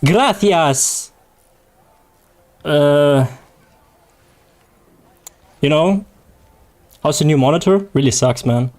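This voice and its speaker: A man's voice: fairly high pitch, slow pace, pauses often, darkish tone. A young man whose first language is German, chatting casually and rambling with jokes and laughter as a game streamer. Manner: rambling, joking, laughs often. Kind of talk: casual livestream chat.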